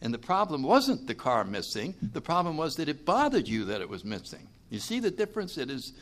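A man speaking live to a recovery meeting audience, plainspoken and animated, often checking that listeners follow him. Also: on the high side, fairly quick. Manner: animated, acts out what people say.

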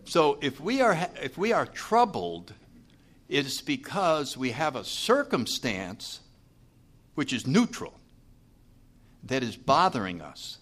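Animated man speaking to a recovery group. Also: medium pitch, takes it slowly, pauses often. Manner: animated, acts out what people say; folksy, plainspoken, asks listeners to follow. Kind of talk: live talk to an audience.

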